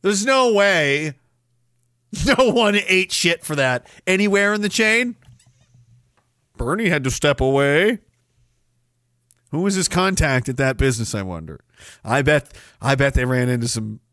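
A man's voice: on the high side, sharp tone, dry recording, clean studio sound. A man from Canada hosting a livestream podcast, ranting sarcastically with frequent laughter. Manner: sarcastic, jokey, laughs often. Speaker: podcast host. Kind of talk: casual livestream rant.

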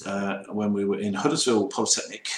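A man's voice: lowish voice, fairly even intonation, a little fast. A middle-aged man co-hosting a casual livestream, telling jokey stories and laughing as he goes. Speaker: co-host. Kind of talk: casual banter on a livestream show. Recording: roomy echo.

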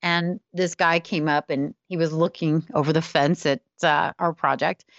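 A woman's voice: sits low, fairly even intonation, normal speed, fairly bright tone, no room sound, lo-fi sound. A middle-aged woman, a spiritual wellness teacher, telling a personal story candidly and often laughing at herself.

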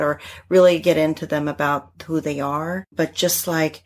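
A middle-aged woman, a therapist and guest, telling family stories in a casual, animated way with frequent laughter. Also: deep voice, normal speed, hardly any pauses. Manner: animated storyteller, laughs often. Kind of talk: casual conversation.

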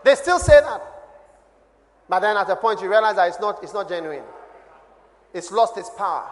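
A man with a Ghanaian accent preaching a sermon as a pastor, his voice dropping low and then swelling loud. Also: lively intonation, normal speed, pauses often. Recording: long hall reverb.

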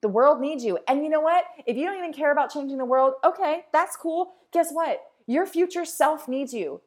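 A woman in her thirties delivers a motivational podcast monologue, her voice sitting a little higher than most. She drives her points home through repetition and emphatic, rallying phrasing. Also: animated, normal speed. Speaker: podcast host.

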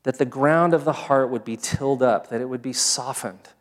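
A man preaching a sermon, opening with a prayer, talking in a measured, earnest way that builds each point in short phrases. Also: mid-range voice. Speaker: pastor. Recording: long reverb of a large hall.

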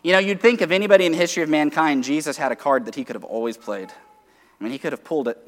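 A man preaching a sermon, teaching conversationally from Scripture and alternating rising emphasis with quiet asides. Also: a little high, expressive, fast talker, long reverb tail.

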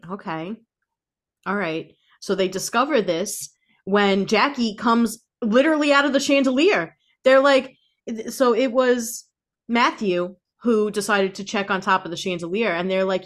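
A woman's voice: mid-range voice, measured pace. Playful woman spinning an improvised tale. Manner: playful, deadpan narration with mock quoted voices. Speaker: podcast co-host. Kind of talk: improvised storytelling game.

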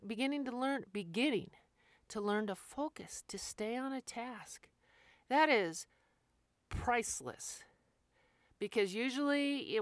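A woman's voice: on the high side, dry recording. A middle-aged woman, a dog trainer, giving blunt, folksy advice in a casual podcast style.

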